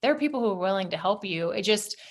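A woman guest on a podcast, speaking candidly and personally in easy conversation. Her voice sits at a middle pitch. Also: lively intonation, racing.

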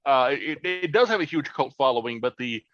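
Brief: halting, blunt, foul-mouthed male podcast co-host, dry close mic. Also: mid-range voice, lively intonation, fairly bright tone, no echo, muffled recording, soft background music. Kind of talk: casual chat.

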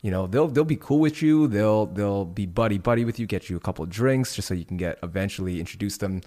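A man with a fairly low voice, talking casually on a podcast. He reflects on his experiences in a thoughtful, measured way. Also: dark tone. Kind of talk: casual chat.

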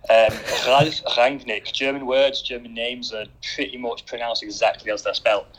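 Patient journalist explaining pronunciation. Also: male voice, mid-range voice, steady tone, moderate pace, fairly bright tone, low-quality recording. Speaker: phone-in guest, football journalist. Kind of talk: phone call on a podcast.

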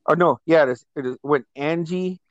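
A man's voice: a little high, moderate pace, no echo, lo-fi sound. A man telling rowdy party stories in a casual chat, swearing freely and laughing as he goes. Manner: profane, animated storytelling with laughter. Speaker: host.

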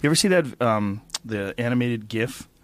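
A man's voice: mid-range voice, animated, normal speed, no room sound. A man hosting a podcast and chatting casually, with a teasing, joking manner. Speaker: podcast host. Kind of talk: casual conversation.

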